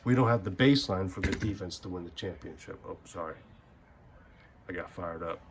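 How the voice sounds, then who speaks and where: A man's voice: sits low, fairly quick, a little hiss or hum. A young man giving casual gaming commentary, ranting in a heated, profane, rambling way. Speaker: gaming channel host.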